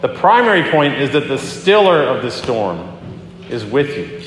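A man preaching a sermon as a pastor, talking in a conversational, animated way as he tells a story and acts out the quotes. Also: medium pitch, a little slow, slight background noise. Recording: echoey hall with long reverb.

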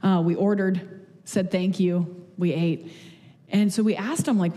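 Young woman preacher, chatty and self-deprecating, mellow low tone, echoing church hall. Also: fairly even intonation, measured pace. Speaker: speaker giving a church message. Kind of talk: casual conversational sermon. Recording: long hall reverb.

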